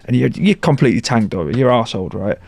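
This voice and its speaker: A man's voice: mid-range voice, expressive, quick pace, vocal fry, a little mellow. A man, a session musician guest, telling anecdotes in casual podcast chat, laughing often and acting out other people's lines.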